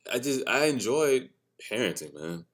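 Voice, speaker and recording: A man hosting a casual solo podcast, telling candid stories as a father, swearing freely and laughing often at his own remarks. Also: on the low side. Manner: blunt, candid storytelling. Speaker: podcast host; father of a son and a daughter.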